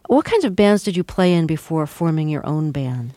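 Female radio interviewer, mid pitch, dry studio sound, crisp and probing questions. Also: big pitch swings, normal speed, mellow, dry recording.

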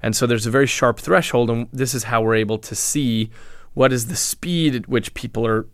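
A man speaks as an interview guest, laying out research step by step in a measured, patient way with small restarts. His voice sits at an ordinary pitch. The sound is dry and close, with no room echo. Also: a bit bright. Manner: explanatory, measured, frequent restarts. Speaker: neuroscientist guest. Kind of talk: interview answers.

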